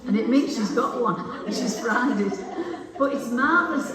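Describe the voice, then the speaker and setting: A woman's voice: a little high, lively intonation, normal speed, recorded from a distance, a crowd in the background. Older woman leading a singalong in an echoey hall. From England. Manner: chatty, jokey, teaches songs line by line. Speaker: singing session leader. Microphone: microphone on a stand. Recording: echoey hall with long reverb.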